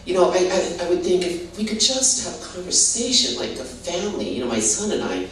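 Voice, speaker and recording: A woman's voice: on the low side, very animated, fairly quick. An older woman from Hawaii, telling her testimony in a rambling, casual way full of "you know" and restarts. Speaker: guest giving a testimony. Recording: roomy, distant mic with faint background noise.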